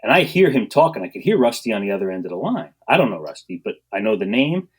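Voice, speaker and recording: A man, a guest on a podcast, telling stories about his coaching career in an animated way, acting out what people said and laughing often. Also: fairly low pitch, fast talker, breathy edge. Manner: animated storyteller, acts out quotes, laughs often. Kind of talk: storytelling in a podcast interview.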